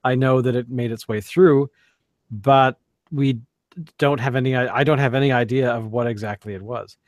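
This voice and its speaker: A man's voice: mid-range voice, fairly even intonation, normal speed, dry recording. A man co-hosting a casual beer podcast, rambling with many fillers and restarts. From Canada. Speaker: podcast co-host. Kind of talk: casual chat.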